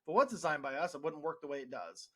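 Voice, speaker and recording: Frustrated man, slightly high voice. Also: expressive, fast, husky. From United States. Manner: frustrated, sarcastic, with frequent restarts. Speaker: healthcare worker podcast host. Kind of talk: opinion monologue.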